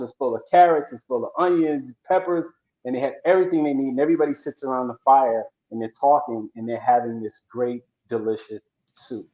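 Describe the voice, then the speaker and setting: A man's voice: medium pitch, darkish tone. A man co-hosting a show, casually retelling a folk story to make an earnest motivational point. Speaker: podcast co-host. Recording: roomy, dull lo-fi audio.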